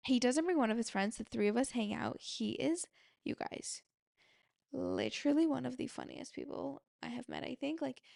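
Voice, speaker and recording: Chatty young woman with a gravelly edge. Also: high-pitched, normal speed, a little mellow, no echo, studio quality. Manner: chatty, heavy use of "like", addresses listeners directly. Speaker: podcast host. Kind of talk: casual storytelling.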